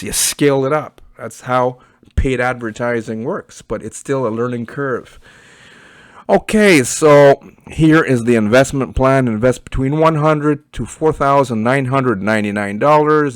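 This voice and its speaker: A man's voice: medium pitch, no echo, studio quality. A Canadian man giving a casual, blunt screen-share review as an online business reviewer, chatty and often tagging "okay" and "right?".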